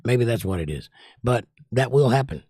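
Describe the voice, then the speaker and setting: A man's voice: medium pitch, moderate pace, breathy edge, no room sound. Man, livestream host, casual rambling chat, reads comments, dry close sound. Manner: relaxed, rambling, reads viewer comments aloud. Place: indoors at home by a window. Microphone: desk microphone.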